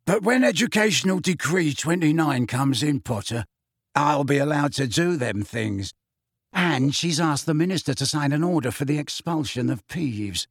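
A man's voice: a little high, lively intonation, normal speed, slightly rough, dry recording, clean studio sound. A man voicing a spiteful old male caretaker who wheezes and leers as he gloats. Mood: gloating. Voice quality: wheezing, leering.

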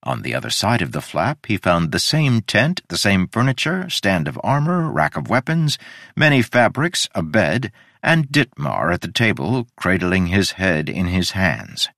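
Deep, lively male audiobook narrator. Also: measured pace, vocal fry, no echo, clean studio sound. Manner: expressive, dramatic storytelling. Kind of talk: scripted narration.

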